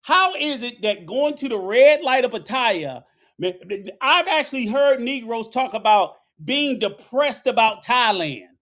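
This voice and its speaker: In a heated, profane commentary rant, a middle-aged man preaches and scolds from start to finish. His voice is unusually high for a man, a bit bright and sing-song, and he keeps a measured pace.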